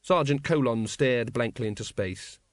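A male narrator reading an audiobook in a measured, dry way. His voice sits at a middle pitch, recorded close in a dead-sounding space. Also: no room sound.

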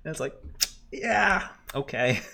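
A man's voice: mid-range voice, animated, slow, vocal fry, pushed and bright, husky. A man co-hosting a podcast, chatting casually about a TV show in a loose, rambling way with many fillers and restarts. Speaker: podcast co-host.

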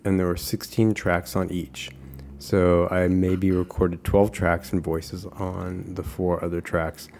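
A man's voice: low voice, little pitch movement, slow, a little mellow, a little hiss or hum. A man co-hosting a podcast in casual chat, dry and a little pedantic, reading quotes aloud. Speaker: podcast co-host.

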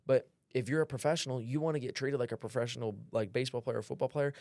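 A man's voice: mid-range voice, steady tone, quick pace, a little mellow, dry recording, clean studio sound. A man, a sales trainer talking as a podcast guest, brash and profane, telling stories with quoted dialogue. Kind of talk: casual podcast chat.

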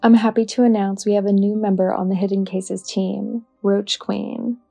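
Flat, dark-voiced woman hosting a podcast. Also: medium pitch, moderate pace, vocal fry, breathy edge, faint music behind. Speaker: podcast host. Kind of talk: scripted podcast outro.

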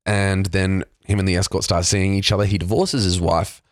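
A man's voice: low-pitched, level tone, normal speed, no room sound, clean studio sound. A man chatting casually, telling a story loosely with lots of swearing and fillers. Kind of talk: casual chat.

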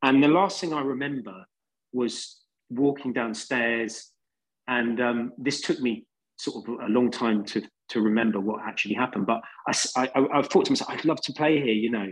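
A band singer with a London accent rambles casually through laid-back stories on a podcast, using plenty of fillers. He speaks at a moderate pace in a medium-pitched, slightly rough voice, and the recording is rough.

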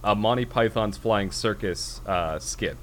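A man co-hosting a podcast in casual chat, telling comedy sketches in an animated way. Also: lowish voice, unhurried, a little hiss or hum. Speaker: podcast co-host.

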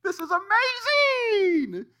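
A man's voice: fairly high pitch, unhurried. A man voicing an eager, cheerful little boy of about six in a sermon story. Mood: thrilled. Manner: excited.

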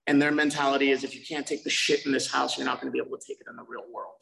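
A young man shares his recovery story in a casual, profane way and acts out the conversations he once had. His voice is heavily gravelly and full of fry. He sounds a little distant from the microphone. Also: medium pitch, fairly even intonation, very fast, bright, forceful tone. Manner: profane, loose, acts out quoted exchanges.

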